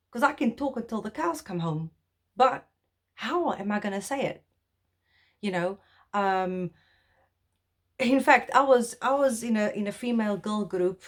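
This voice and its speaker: A young woman from South Africa talking earnestly and from the heart to camera in a personal vlog, rambling with restarts. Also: medium pitch. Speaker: vlogger.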